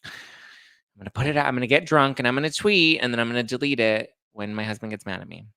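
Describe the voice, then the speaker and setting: A man hosting a casual livestream and reading chat comments, sassy and quick to get fired up, with bursts of loud outrage. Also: mid-range voice, smooth, dry recording. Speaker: podcast host reading live chat.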